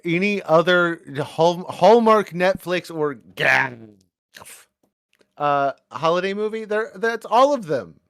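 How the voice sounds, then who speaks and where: A man's voice: high voice, expressive, takes it slowly, fairly bright tone, clean tone, no echo, studio quality. An American man co-hosting a podcast, talking bluntly and sarcastically, with casual swearing. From United States. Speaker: podcast co-host. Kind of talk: casual chat.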